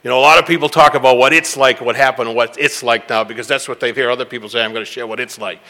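A man's voice: medium pitch, steady tone, very fast, creaky, bright, forceful tone, in a large hall. A middle-aged man from the Boston area giving a rambling, self-mocking personal talk at a recovery meeting.

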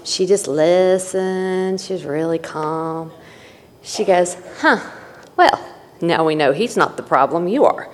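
A woman's voice: lowish voice, slow. A woman giving an earnest personal testimony to a recovery meeting, candid and repetitive as she tells her story. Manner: candid and earnest, with repeated phrases and restarts. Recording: echoey hall.

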